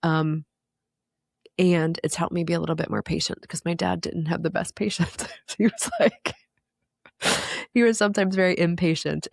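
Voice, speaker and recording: A middle-aged woman talks candidly as a podcast guest, earnest and reflective, with lots of fillers. Her voice has a gravelly fry to it and sits at an ordinary pitch. The sound is close and dry. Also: dry recording. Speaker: podcast guest, recovery coach. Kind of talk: candid conversational interview.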